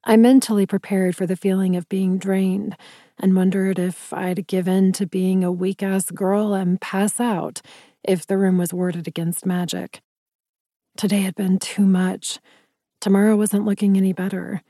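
A woman narrating a first-person fantasy audiobook in a measured, wry storytelling manner. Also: mid-range voice, level tone, mellow, no room sound, studio quality.

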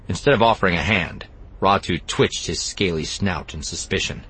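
A man narrating an audiobook in an expressive, even storytelling manner. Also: low-pitched, normal speed, slightly rough. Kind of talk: scripted narration.

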